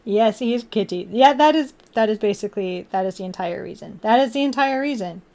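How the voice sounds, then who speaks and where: A young woman with a medium-pitched, slightly mellow voice hosts a casual livestream, her intonation lively and her pace a little fast. She chats and giggles with viewers and coos at her cats in a baby voice between remarks.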